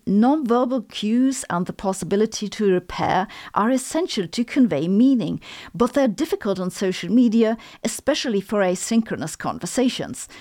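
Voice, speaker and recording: A woman's voice: medium pitch, darkish tone. German-accented woman giving a dry lecture. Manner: lecturing with dry sarcastic jokes. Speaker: physicist and video host. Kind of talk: scripted educational monologue.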